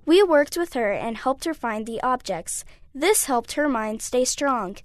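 High-voiced woman reading aloud. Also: lively intonation, a little slow, no room sound. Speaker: reader. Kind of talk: reading a children's letter aloud.

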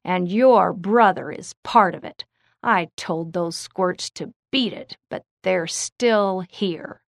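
A woman voicing a gruff, bossy teenage boy bully in a storybook reading, with a blunt, snapping manner. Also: on the low side, slow, dry recording, studio quality. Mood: angry.

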